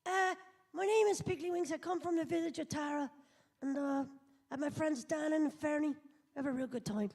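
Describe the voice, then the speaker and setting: A woman voicing a cheerful young Irish boy pig with a high, sing-song country lilt, on stage at a convention panel. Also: brisk, a little mellow. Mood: cheery. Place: convention auditorium, live panel.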